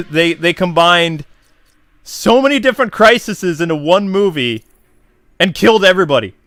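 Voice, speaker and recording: A man talking through a film review in a casual, slangy way. His voice sits a bit high and sounds bright and forceful, and he often turns animated and exasperated. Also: moderate pace, no echo, soft background music.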